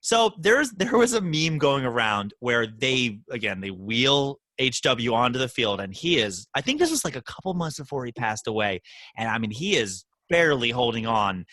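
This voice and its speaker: Lively, teasing man hosting a podcast. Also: medium pitch, normal speed, no echo. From Baltimore, Maryland. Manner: teasing, animated quizmaster. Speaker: podcast host. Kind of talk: casual podcast chat, quizzing a guest.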